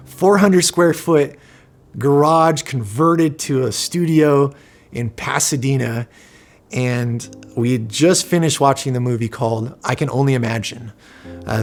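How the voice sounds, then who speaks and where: Earnest man telling a personal story. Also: mid-range voice. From Southern California. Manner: earnest and emotional, many fillers and restarts. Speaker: vlogger, inventor.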